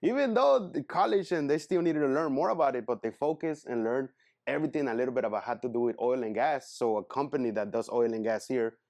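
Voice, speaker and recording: A man's voice: medium pitch, fast, darkish tone. Earnest rambling man in his thirties. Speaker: guest speaker. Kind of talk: casual motivational talk.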